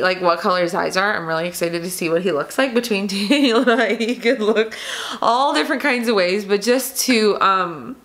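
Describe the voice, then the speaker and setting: A woman's voice: mid-range voice, a bit bright. A pregnant young woman talking through a casual question-and-answer vlog, emotional and teary, with lots of fillers and restarts. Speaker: vlogger.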